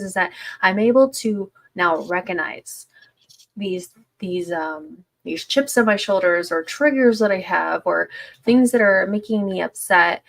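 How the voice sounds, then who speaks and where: A woman's voice: medium pitch, fairly bright tone. A woman, a stay-at-home mom, sharing her story in a casual livestream chat, rambling with many fillers and restarts.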